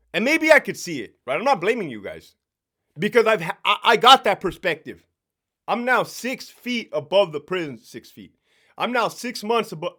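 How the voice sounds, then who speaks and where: A man who used to be a prison sergeant talks straight to camera in a casual vlog rant, profane and blunt. His voice sits a little high and swings widely up and down as he pushes his points, stumbling over repeated words. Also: fairly bright tone.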